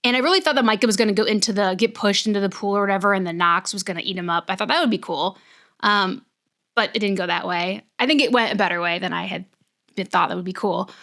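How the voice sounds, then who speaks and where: A woman's voice: mid-range voice, fast, creaky, bright, forceful tone. A young woman vlogging about a novel she is reading, talking casually and rambling with lots of fillers and restarts. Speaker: book vlogger. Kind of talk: casual chat.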